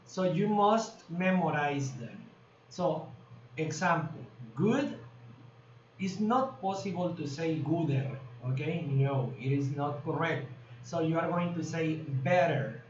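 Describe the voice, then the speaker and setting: Spanish-speaking guy teaching english grammar, slow and patient, keeps saying okay, far off in an echoey room, kinda dull lo-fi sound. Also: fairly high pitch. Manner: slow, patient explaining with frequent "okay?" checks. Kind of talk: grammar lesson. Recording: distant, roomy, dull lo-fi recording with faint noise.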